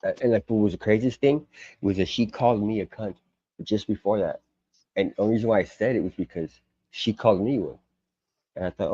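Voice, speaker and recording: A man's voice: fairly low pitch, fast, mellow, slightly rough, dry recording, lo-fi sound. An older American man in a rambling, profane casual chat on a live stream, often stopping and restarting. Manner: rambling, profane, self-interrupting.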